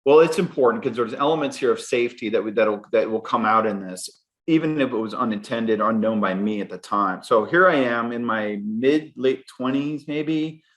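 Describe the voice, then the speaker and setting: Candid middle-aged man telling a story. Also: medium pitch. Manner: candid, animated, fast bursts. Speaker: podcast guest, sales executive. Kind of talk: storytelling interview answer.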